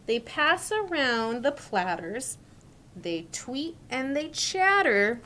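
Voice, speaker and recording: A woman teacher reading a story to young children, asking questions and modelling sounds slowly and clearly. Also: high voice, big pitch swings, pushed and bright, slight background noise. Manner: slow, clearly articulated, questioning.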